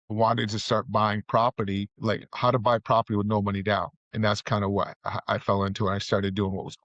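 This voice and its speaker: A man's voice: on the low side, fairly bright tone, no room sound. A middle-aged man, a real estate guest, telling loose, rambling stories full of fillers and restarts. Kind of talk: casual storytelling interview. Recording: dull, muffled audio.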